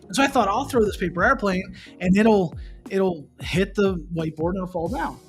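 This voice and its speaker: Animated man telling a story over music. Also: high-pitched, normal speed. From Pennsylvania. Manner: animated, restarts and repeats, asks the listener questions. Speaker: host. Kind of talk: casual morning show storytelling.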